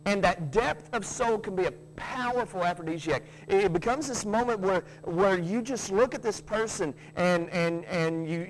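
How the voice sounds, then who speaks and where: A man's voice: high voice, normal speed, slight background noise, rough recording. A man preaching a sermon, folksy, with joking asides and frequent restarts. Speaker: pastor.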